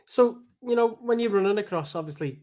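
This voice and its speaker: A man's voice: high voice, animated, a little fast, darkish tone. A man hosting a casual interview who asks easygoing follow-up questions. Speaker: podcast host.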